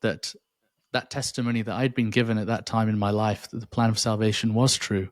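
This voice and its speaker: Man, podcast guest, thoughtful, earnest, lowish voice, dry close sound. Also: level tone, brisk, no echo. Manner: thoughtful, earnest, with frequent restarts. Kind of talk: reflective faith interview.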